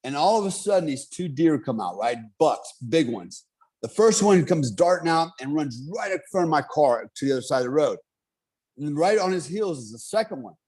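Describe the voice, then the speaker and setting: A middle-aged man telling a story in casual chat, animated, swearing and laughing often. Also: on the high side, moderate pace, slightly rough.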